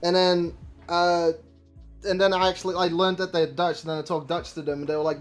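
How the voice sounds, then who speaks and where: A man's voice: high-pitched, flat delivery, a little fast, soft background music. A man co-hosting a casual livestream chat, talking loosely with many restarts and casual swearing.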